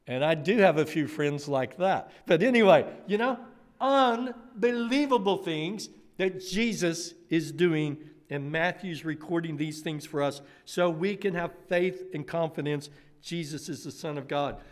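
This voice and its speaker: A man preaching a sermon, retelling scripture with lively storytelling and speaking directly to children. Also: fairly high pitch, measured pace. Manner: animated storytelling, addresses kids directly.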